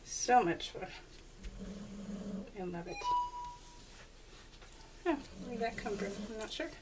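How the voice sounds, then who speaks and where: A woman's voice: on the high side, expressive, slow pace. Woman, 40s, crafting vlogger: bubbly, chatty, laughs a lot, slightly distant mic. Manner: chatty and gushing, laughs often. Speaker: scrapbooking vlogger. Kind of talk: casual chat to viewers while crafting. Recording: slightly distant mic, faint background noise.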